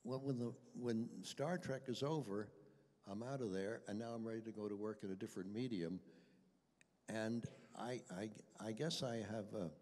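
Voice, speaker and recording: A man's voice: fairly low pitch, normal speed, darkish tone. An older man, a voice actor guest, telling anecdotes at a convention Q&A with a chatty, self-deprecating, chuckling manner. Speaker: voice actor guest at a fan panel. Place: convention panel room. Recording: echoey convention hall.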